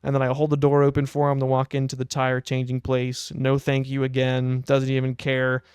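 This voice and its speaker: A man's voice: mid-range voice, monotone, moderate pace, a little mellow, smooth, no echo, studio quality. Exasperated young man telling a story. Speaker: podcast co-host. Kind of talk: casual storytelling chat.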